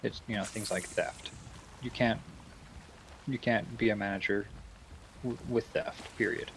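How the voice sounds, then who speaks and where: A man who manages a store, telling stories in a relaxed, laughing way during casual chat with friends. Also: on the low side, unhurried, a little hiss or hum, rough recording. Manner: laid-back, laughing storyteller.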